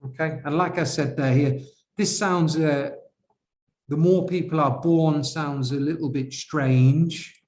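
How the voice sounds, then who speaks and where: Male IELTS examiner, unhurried, hesitant delivery, teacherly questions to the class. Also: on the high side, steady tone, darkish tone. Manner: slow, hesitant, questions to viewers. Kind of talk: classroom-style essay correction.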